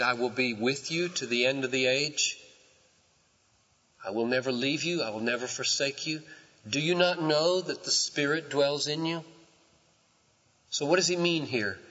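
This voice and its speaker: Slow, impassioned preacher in a reverberant hall. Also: male voice, mid-range voice, sharp tone. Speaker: pastor. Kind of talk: sermon. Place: church sanctuary. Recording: muffled sound with long hall reverb.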